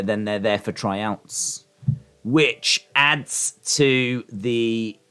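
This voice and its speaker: A man's voice: on the low side, a bit bright, smooth. A man hosting a live wrestling watch-along, chatting and answering his viewers in rambling asides. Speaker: livestream host.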